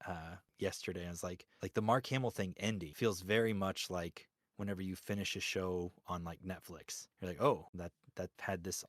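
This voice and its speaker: A man's voice: low voice, no room sound, studio quality. A man, a voice actor, talking reflectively in a casual interview, rambling with lots of fillers. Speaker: guest voice actor.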